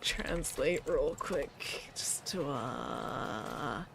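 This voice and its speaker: A woman's voice: a bass voice, animated, drawn-out words, creaky, slight background noise. A woman streaming casually, reading viewer submissions aloud and repeating words with a playful laugh.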